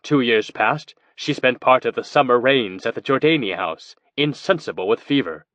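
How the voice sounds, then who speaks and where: A man voicing an earnest young scholar who explains things in a measured way. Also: mid-range voice, expressive, a bit bright, dry recording, dull audio, close to an everyday voice.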